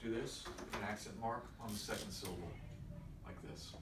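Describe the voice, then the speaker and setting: A man's voice: on the low side, brisk, background noise. A man teaching a church confirmation class, patiently explaining and quizzing his students. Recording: echoey room from far off.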